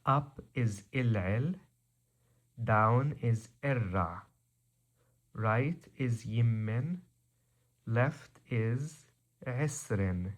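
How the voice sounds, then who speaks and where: Very slow-paced man teaching vocabulary. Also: mid-range voice. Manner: slow, deliberate, spells out word by word. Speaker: language teacher. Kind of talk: language lesson.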